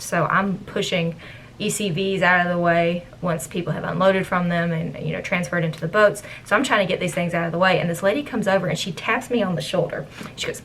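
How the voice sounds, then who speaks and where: Young woman, casual storyteller, animated, acts out quotes; faint noise. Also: medium pitch, poor audio. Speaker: former theme park cast member.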